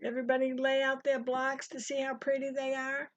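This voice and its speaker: Speaking fairly quickly in a high, monotone voice, an older woman hosts a live sewing stitch-along, rambling casually and welcoming viewers by name. There's no room sound, and the lo-fi stream audio is dry and dull.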